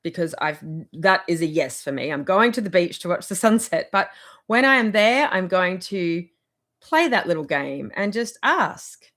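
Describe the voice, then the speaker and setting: A woman's voice: lowish voice, sing-song, normal speed, a bit bright. A woman giving casual motivational advice in a vlog, rambling and chatty, with frequent laughs. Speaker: wellness vlogger.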